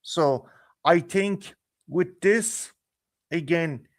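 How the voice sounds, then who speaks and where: A man with an Irish accent chatting casually as a guest on a live stream, stammering through restarts and breaking into loud, swearing rants. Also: on the high side, very slow. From Ireland. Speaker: guest podcaster. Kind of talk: casual chat. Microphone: video call.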